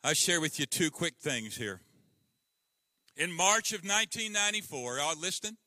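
A man preaches with a high, piercingly bright voice, slow and deliberate. He swings between ringing emphasis and near-whispers. The sound is close and dry. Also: animated, dry recording. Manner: dramatic swings from loud to hushed; breaks into hymn lines. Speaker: pastor. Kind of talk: sermon.

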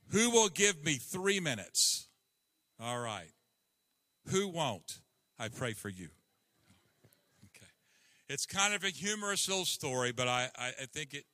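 A man's voice: fairly high pitch, bright, forceful tone, dry recording. A man preaching a sermon in a playful, chuckling way, then reading a children's story aloud.

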